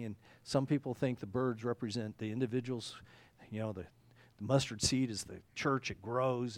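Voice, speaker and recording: A pastor with a mid-range voice gives a conversational sermon, wandering off track, correcting himself, and frequently asking "okay?". The recording is dry.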